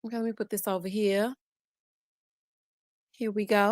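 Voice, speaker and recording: A woman hosting a live-streamed reality TV review, lively and chatty, calling out "child" and "honey" as she greets viewers by name. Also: medium pitch, normal speed, pauses often, dry recording, clean studio sound. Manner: sassy, says "child" and "honey". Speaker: host.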